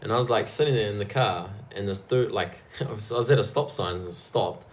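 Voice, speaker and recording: A man with a New Zealand accent, a guest on a podcast, talking in an animated, slangy way. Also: lowish voice, fairly quick, a little hiss or hum. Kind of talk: casual podcast chat.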